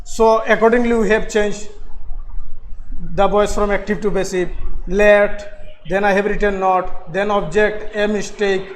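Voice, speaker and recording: Teacher: high-pitched man, Bangladeshi English accent, patient and repetitive, faint hissy recording. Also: rough recording. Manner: slow, repetitive explaining with soft laughs. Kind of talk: grammar lesson, spelling words out.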